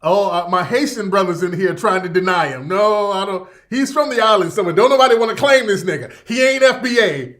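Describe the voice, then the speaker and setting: A man's voice: sits high, animated, brisk, few pauses, fairly bright tone. A man hosting a radio show in casual livestream commentary, rambling and profane, repeating himself and reacting to chat.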